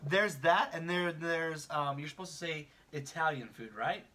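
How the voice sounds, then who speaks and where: A man with a faint Southern Kentucky accent chats loosely on a podcast, swearing casually and slipping into impressions of other people. His voice is bright and pitched a little high for a man. He sits a bit back from the microphone. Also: normal speed, distant mic. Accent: slight Southern Kentucky. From Midwest US, near Kentucky border. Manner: animated storyteller, mimics voices, swears casually. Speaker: podcast host. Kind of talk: casual chat.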